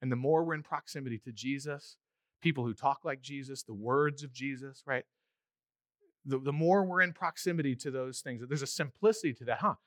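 A male pastor preaching a conversational sermon, animated and acting out little voices as he goes. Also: mid-range voice, fairly quick, no room sound, clean studio sound.

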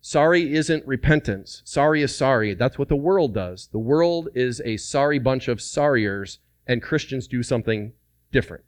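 A man preaching a lively, joking sermon to men at a church service, calling out to the audience for responses. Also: mid-range voice, normal speed, no room sound. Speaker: pastor.

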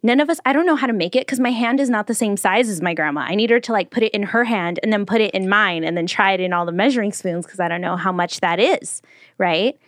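A young adult woman hosting a casual chat, telling family stories in a lively way. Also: medium pitch, fast talker, no room sound, clean studio sound. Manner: lively storyteller, does voices for quoted people.

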